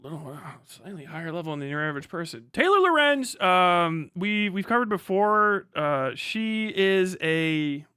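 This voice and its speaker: A man's voice: a little high, a little slow, few pauses, sharp tone, clean tone, no echo, clean studio sound. A man streaming live, chatting in a rambling, profane way and laughing often. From United States. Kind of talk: casual live-stream commentary.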